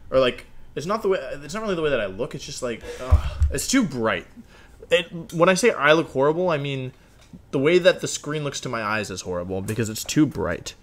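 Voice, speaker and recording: A man's voice: medium pitch, animated, brisk, a little hiss or hum. A young man chatting casually to his viewers while recording a game video at his desk at home, rambling and joking at himself. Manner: rambling, self-mocking, talks to himself. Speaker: gaming video creator.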